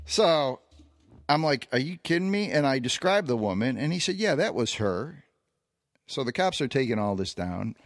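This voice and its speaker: A man's voice: mid-range voice, very animated, measured pace, pauses often, no room sound. A man co-hosting a podcast, recounting a long personal anecdote in a casual storytelling way, with plenty of fillers and restarts. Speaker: podcast co-host.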